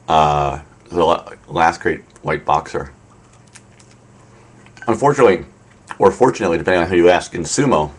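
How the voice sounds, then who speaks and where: Man, very low voice, casual rambling live-stream chat, wry, lots of ums. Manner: rambling, filler-heavy, wry. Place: apartment in Tokyo.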